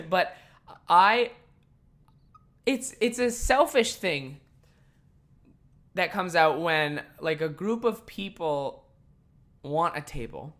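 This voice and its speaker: A man hosting a casual podcast, venting about work in a profane, fired-up rant. He swings from loud, angry bursts to quiet, muttered asides, and breaks off now and then to laugh at himself. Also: on the high side, animated, slow pace, pauses often. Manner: profane, heated storytelling with big swings in loudness; self-deprecating, laughs at himself. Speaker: podcast host. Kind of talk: casual ranting monologue.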